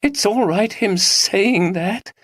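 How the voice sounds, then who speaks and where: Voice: animated, no room sound, studio quality. A narrator voicing a sobbing young woman. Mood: tearful. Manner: high, trembling, rushed pleading. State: crying. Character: distraught young woman, tearful and frantic.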